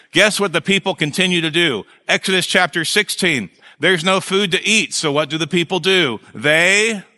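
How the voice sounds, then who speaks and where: A male pastor preaching a sermon in a conversational, animated way, with jokes and asides to his congregation. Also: a little high, big-room sound.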